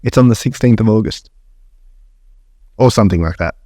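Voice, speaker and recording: An Australian man with a fairly low voice, talking casually on a podcast. He laughs a lot and swears freely while telling stories. The sound is dry and close. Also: normal speed, no room sound. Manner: laughing, swearing, animated storytelling. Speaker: podcast co-host. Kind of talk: casual chat.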